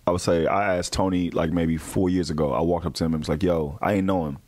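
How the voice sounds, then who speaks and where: A male comedian chatting casually in an interview, telling animated stories and acting out other people's voices. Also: low voice, fast. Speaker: comedian guest.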